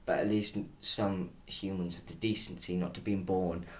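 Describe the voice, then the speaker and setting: Sweary British man ranting, low voice. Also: little pitch movement, normal speed. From United Kingdom. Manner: sweary, exasperated, sarcastic ranting. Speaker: podcast host. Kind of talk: casual solo podcast rant.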